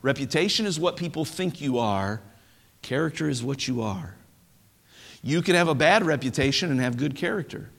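A man preaching a sermon as pastor, animated and conversational, often stumbling over restarts as he talks. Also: on the high side, normal speed, creaky, in a large hall. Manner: animated preaching with stammered restarts and playful impressions.

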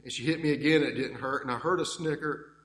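Man, eulogy in a church, rambling fond stories, middle pitch, echoey hall, long reverb. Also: fast. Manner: warm, rambling, fond anecdotes. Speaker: grandson giving a eulogy. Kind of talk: heartfelt eulogy storytelling.

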